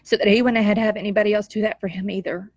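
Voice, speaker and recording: A woman's voice: mid-range voice, fairly even intonation, racing, darkish tone, no echo, clean studio sound. Heartfelt woman telling her story. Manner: emotional, tearful at times, heartfelt and reflective. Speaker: nurse sharing a personal story. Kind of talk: personal storytelling monologue.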